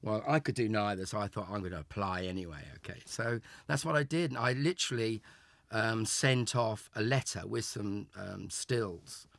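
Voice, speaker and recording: A low-voiced older Englishman reminisces at an easy, rambling pace, often restarting his words. The sound is dry and close, with no room echo. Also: moderate pace, vocal fry, a bit bright. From England. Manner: chatty, repeats and restarts words. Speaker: interview guest, former child show actor. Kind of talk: casual reminiscing interview.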